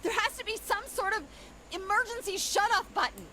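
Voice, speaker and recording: A woman's voice: very high-pitched, brisk, bright, forceful tone, voice pushed up. A woman voicing a brash, hot-tempered adult woman who swears and snaps impatiently while reading a visual novel aloud.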